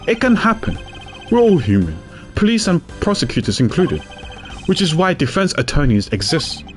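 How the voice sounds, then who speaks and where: A man voicing a composed male prosecutor in a game, speaking in a low, measured, lecturing tone. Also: very animated, soft background music. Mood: calm lecturing. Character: composed older male prosecutor, calm mentor. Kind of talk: reading game dialogue aloud.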